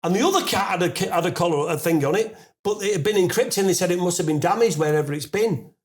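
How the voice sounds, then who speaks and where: This English podcast guest, a man in his forties, rattles through a lengthy story at a quick pace. Fillers, restarts and offhand swearing run throughout, and his voice climbs in volume and pitch as he laughs his way through the punchline in loud disbelief.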